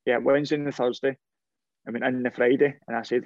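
A man's voice: medium pitch, level tone, fast talker, vocal fry, darkish tone, no echo, highs cut off. A middle-aged man, a former footballer, telling long rambling anecdotes in a casual interview, restarting his sentences often.

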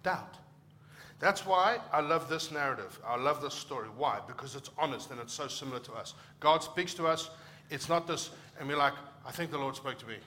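A man's voice: on the high side, animated, normal speed, sharp tone. A middle-aged man from Africa, a pastor preaching a conversational sermon and acting out short quoted exchanges.

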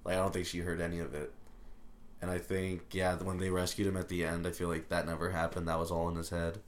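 A young man with a very deep voice talks in an easy, casual chat among friends. His delivery is low-key and laid-back, and he often lets remarks drop into quiet asides. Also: monotone, fast, slight background noise.

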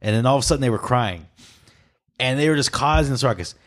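Young male podcast co-host, casual, profane, animated storyteller. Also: mid-range voice, fast. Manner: swearing, laughing storyteller. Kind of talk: casual chat.

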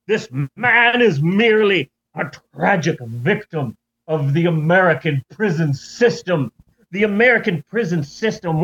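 A man's voice: high-pitched, pushed and bright, heavily acted. A man voicing a pompous male author with a put-on British accent, speaking in a grand, mock-formal way. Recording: lo-fi recording.

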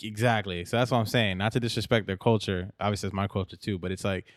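A man's voice: lowish voice, fairly even intonation, fast, no echo, clean studio sound. A man co-hosting a podcast who rambles through his stories with lots of fillers and swearing. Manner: rambling, filler-heavy storytelling. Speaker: podcast co-host. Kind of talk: casual chat.

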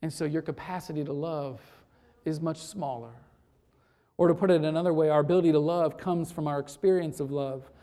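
A woman with a low-sitting voice and fairly even intonation speaks a little fast as she preaches. She recounts a story to make her point, lowering to a hush for emphasis before building up again.

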